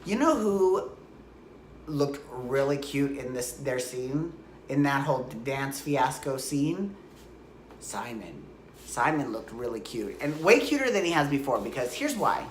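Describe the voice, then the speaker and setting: Chatty low-voiced woman recapping soaps. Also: big pitch swings, a little slow, reverberant, a little hiss or hum. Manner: chatty, opinionated, trails off into asides. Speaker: soap opera recap vlogger.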